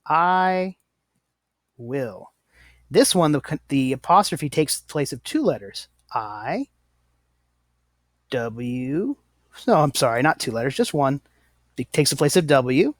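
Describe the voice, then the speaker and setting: A man's voice: medium pitch, very animated, slow, pauses often, no echo. A man teaching a lesson, explaining patiently and correcting himself often. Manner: patient, self-correcting, apologetic. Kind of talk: slow, deliberate classroom explanation.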